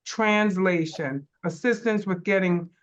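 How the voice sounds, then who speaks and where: Low-voiced woman panelist explaining services. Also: a little slow, lo-fi sound. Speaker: panelist, healthcare provider. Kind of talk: panel discussion answer.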